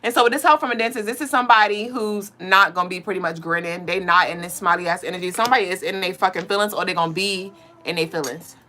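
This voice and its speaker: A woman's voice: fairly low pitch, quick pace. A woman hosting a casual live-stream tarot reading, chatty, slangy and cursing freely. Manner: loud, excitable and profane, bursting into laughing shouts; chatty and slangy, cursing freely while she reads cards.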